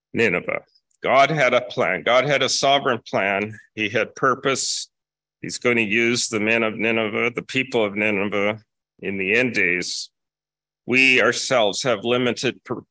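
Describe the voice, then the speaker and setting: A man delivers a sermon in a lowish, forceful voice, steady and deliberate, returning again and again to his key phrases. The sound is close and dry, with no room around it. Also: dry recording. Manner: measured, repeats key phrases for emphasis. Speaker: preacher.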